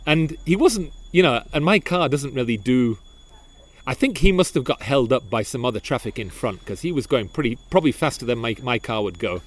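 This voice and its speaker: Man, podcast co-host, casual storytelling, animated, frequent restarts, mid pitch. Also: a little fast. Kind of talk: casual chat, telling a story.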